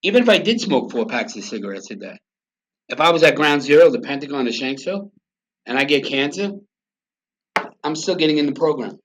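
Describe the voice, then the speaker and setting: A man's voice: fairly high pitch, very animated, brisk. A middle-aged man from the United States, a podcast guest telling a personal story in a blunt, profane, emotional way. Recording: dull lo-fi sound.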